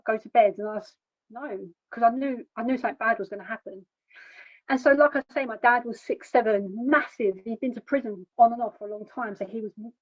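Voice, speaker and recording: Woman, fairly high voice, plain halting testimony, dull lo-fi sound. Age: adult. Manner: plain, halting, repeats words when emotional. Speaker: charity founder sharing her story. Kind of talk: personal testimony. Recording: dull lo-fi recording.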